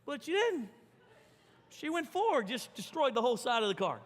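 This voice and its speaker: A man preaching a sermon as pastor, telling stories with big swings from loud to hushed. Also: very high-pitched, big pitch swings, moderate pace. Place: church sanctuary. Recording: long hall reverb.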